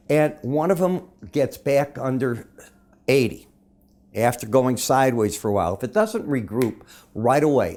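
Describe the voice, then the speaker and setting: A man walks through the day's market charts in a conversational commentary voice. He talks straight to his viewers, poses questions and then answers them, and his pitch sits in an ordinary middle range. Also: darkish tone. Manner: conversational, addresses viewers as folks, rhetorical questions.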